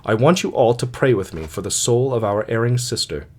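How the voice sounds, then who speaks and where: A man's voice: medium pitch, lively intonation, brisk, lightly acted. Brief: a man doing an unbending male missionary, hard and preachy, middle-aged. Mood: solemn.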